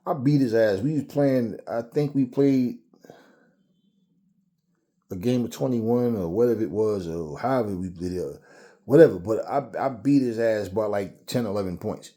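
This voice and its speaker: A man's voice: lowish voice, normal speed, dark tone. A man hosting a boxing channel, telling a story in a casual, profane, rambling way, often repeating words.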